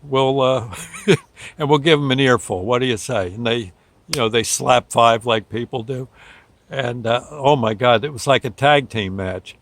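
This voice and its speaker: A man's voice: mid-range voice, unhurried, fairly bright tone, no echo. Folksy rambling man telling a story. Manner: folksy, rambling, laughs often, acts out quotes. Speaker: storyteller host. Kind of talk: casual storytelling.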